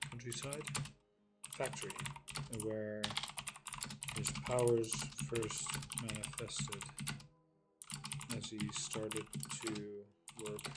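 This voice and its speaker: A man co-hosting a casual writing chat, thinking aloud in a halting way and poking fun at his own accent attempts. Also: on the low side, level tone, heavy background noise. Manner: self-mocking about his own accents. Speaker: podcast co-host.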